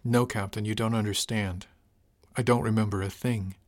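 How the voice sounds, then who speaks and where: A man voicing a troubled young male crewman in an audiobook, speaking quietly and hesitantly. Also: steady tone, normal speed, no room sound, studio quality, lightly acted. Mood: subdued. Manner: quiet, hesitant, low-spirited. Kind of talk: audiobook character voice.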